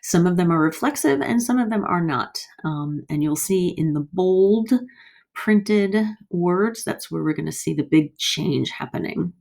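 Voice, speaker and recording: A woman teaching a French lesson, slowly and carefully modeling each verb form for learners to repeat. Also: lowish voice, expressive, creaky, darkish tone. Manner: slow, careful modeling of pronunciation. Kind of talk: screen-share language lesson.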